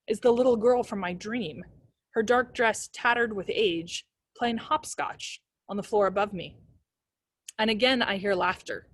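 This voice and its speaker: A woman's voice: medium pitch, dry recording. A woman reading a novel aloud as a librarian, telling the first-person story expressively.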